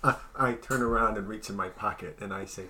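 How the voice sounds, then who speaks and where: A man's voice: fairly low pitch, steady tone, fast, sharp tone, a little hiss or hum. A man playing a tabletop game, stammering nervously. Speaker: player. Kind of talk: casual game chat.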